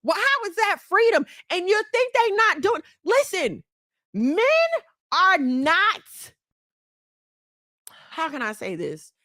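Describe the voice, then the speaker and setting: A high-pitched woman lectures her audience head-on in a blunt, scolding way. She is middle-aged, animated, and quick to laugh. The voice sits close and dry, with hardly any room sound. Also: dry recording. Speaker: channel host. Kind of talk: preachy commentary to women.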